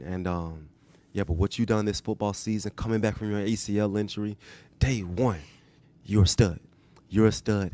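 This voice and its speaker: A man imitating an older male head football coach, speaking in an earnest, measured, reassuring way during a podcast bit. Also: lowish voice, a little mellow, lightly acted.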